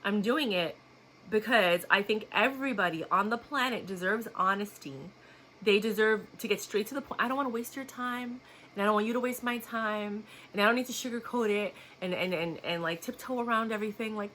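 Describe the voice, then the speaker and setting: A blunt, outspoken woman vlogger chats straight to her viewers with a bright, forceful voice. She talks in a loose, casual storytelling way and laughs often. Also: mid-range voice, fairly quick, slight background noise.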